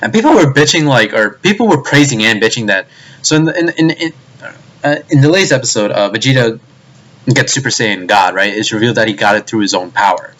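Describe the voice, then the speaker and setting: A young man rants through a video review in a middle-pitched voice. He sounds exasperated and swears freely. He trips over his words and starts his sentences again. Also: animated, fairly quick, fairly bright tone. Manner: exasperated, profane, stumbling restarts. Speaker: anime reviewer.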